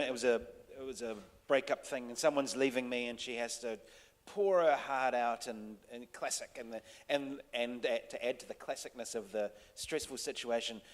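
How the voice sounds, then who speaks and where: A man who works as a TV director, telling a story to a panel audience in a casual, halting way full of restarts and fillers. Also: mid-range voice. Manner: halting, many restarts and fillers, soft-spoken. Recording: long hall reverb.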